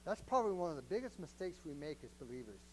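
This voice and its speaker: A man's voice: on the high side, big pitch swings, quick pace, a little mellow, a little hiss or hum, low-quality recording. A man preaching a sermon as a pastor, in a conversational, joking way and often asking the congregation questions.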